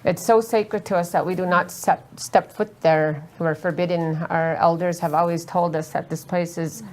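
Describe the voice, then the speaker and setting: A woman from Alaska speaking earnestly on a festival panel, halting with many fillers and close to tears. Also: on the low side. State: emotional, near tears. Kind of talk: panel talk, personal testimony. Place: festival roundtable.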